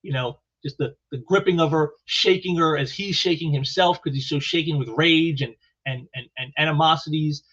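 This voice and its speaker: A man's voice: fairly high pitch, moderate pace, a bit bright. A man reviewing comic books in casual solo commentary, rambling and restarting with lots of "you know" fillers. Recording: muffled lo-fi recording.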